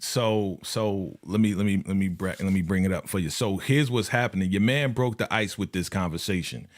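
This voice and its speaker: A man with a low-pitched voice and moderate pace hosts a live review of a TV episode. His chat is casual and full of slang; he laughs a lot, acts out quotes and talks directly to his viewers.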